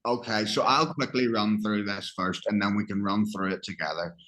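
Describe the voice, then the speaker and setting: A man's voice: lowish voice, steady tone, normal speed, background noise. A man teaching an English lesson, who explains phrases, reads practice dialogue and keeps checking that his student understands. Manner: encouraging, checks understanding often.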